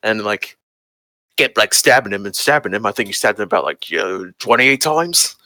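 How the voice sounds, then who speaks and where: A man's voice: lowish voice, lively intonation, moderate pace, pushed and bright, no room sound, low-quality recording. Young man narrating as game master. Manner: casual, filler-heavy storytelling.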